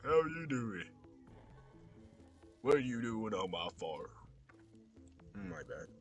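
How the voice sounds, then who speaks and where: A loud, challenging farmer yelling at an intruder on his land, as a man puts him on. The voice swings up and down with lively pitch, and clear music plays underneath. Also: slow pace, full character voice. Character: male farmer challenging a trespasser.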